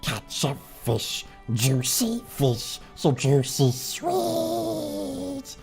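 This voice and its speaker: Man doing a wheedling, raspy creature for a stream bit: very slow, sing-song, all over the place in pitch. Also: wildly swooping pitch, a little mellow, faint music behind, heavily acted. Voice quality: raspy, hissing. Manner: wheedling, talks to himself, swings wildly in pitch. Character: wheedling, raspy, gollum-like male creature, twitchy and hungry. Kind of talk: live stream impression.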